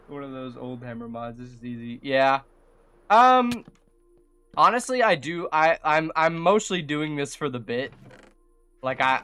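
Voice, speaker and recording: A gaming streamer giving casual live commentary while playing, chatty, jokey and quick to poke fun at themselves. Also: medium pitch, sharp tone, clean tone. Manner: chatty, self-mocking and jokey.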